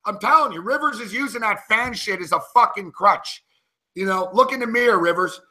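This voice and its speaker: Bright-voiced ranting male sports host. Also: sits high, brisk. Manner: profane, ranting, worked up. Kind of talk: casual sports betting chat.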